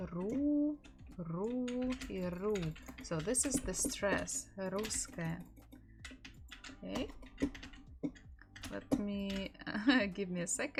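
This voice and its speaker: A woman with a Russian accent teaching her native language in a live-streamed lesson, repeating words slowly for practice. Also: medium pitch, vocal fry, noisy background.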